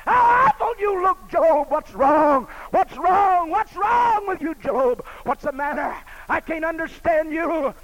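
A man voicing a scornful wife who mocks her ruined husband, shouting and dragging out her scolding words. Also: very high-pitched, expressive, takes it slowly, hardly any pauses, pitched above the performer's own voice, exaggerated voice, low-quality recording.

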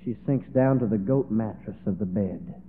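A man's voice: on the low side, moderate pace. A man preaching, telling a story in a dramatic, emotional way. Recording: tinny, phone-like echoey hall.

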